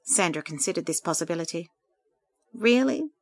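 A woman narrating a story aloud in a calm, steady reading voice. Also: fairly low pitch, a little fast, no echo.

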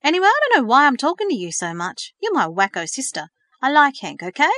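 Brief: sarcastic, scoffing teenage boy, voiced by a woman narrator, lively in pitch, in a dry booth. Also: brisk, no echo, lightly acted. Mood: resentful. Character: sullen, sarcastic teenage boy, lonely and defensive. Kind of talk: audiobook reading.

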